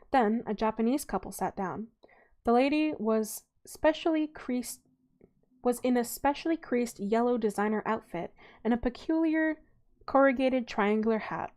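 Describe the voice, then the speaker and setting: A woman's voice: on the high side, a little mellow. Woman reading a novel aloud, stumbling. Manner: informal reading with frequent stumbles and self-corrections.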